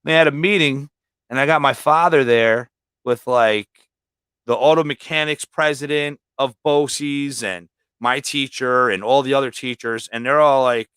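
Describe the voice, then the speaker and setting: A man who is a livestream guest, rambling through personal stories and swearing freely. His voice sits at an ordinary middle pitch. The recording is dry and close, with no room echo. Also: a little slow, fairly bright tone, smooth. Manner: rambling, heavily profane storytelling. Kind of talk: casual storytelling.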